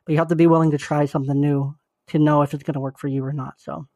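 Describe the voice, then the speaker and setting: A man's voice: on the high side, flat delivery, quick pace, mellow, no room sound, highs cut off. A young man co-hosting a podcast, down with the flu, talking in an earnest, encouraging and loose way. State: sick with flu. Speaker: podcast co-host. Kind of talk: casual podcast chat.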